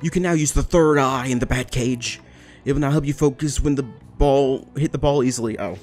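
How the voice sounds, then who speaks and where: A young man giving excitable, jokey commentary over a video game, breaking into yelled bursts. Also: medium pitch, a little fast, soft background music. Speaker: gaming YouTuber.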